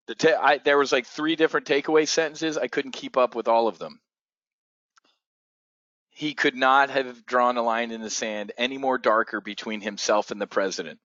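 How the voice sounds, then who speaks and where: A man runs a live trading stream, talking bluntly and excitedly with frequent curses. His voice is dry and close, with a slightly dull, muffled tone. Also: medium pitch, normal speed, no echo. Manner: excitable, profane, blunt asides. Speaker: options trading show host. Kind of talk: live market commentary.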